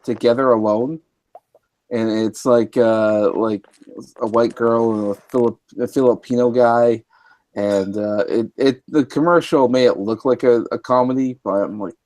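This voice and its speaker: A man's voice: medium pitch, steady tone, unhurried, a little mellow, no room sound. Hesitant man on a dry mic. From Canada. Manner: hesitant, many fillers and restarts. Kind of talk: casual group chat on a stream.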